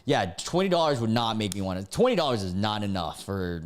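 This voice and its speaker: A young man reads stories on a live stream in a brisk voice that sits on the low side. Excitable by nature, he exclaims and laughs a lot as he reacts.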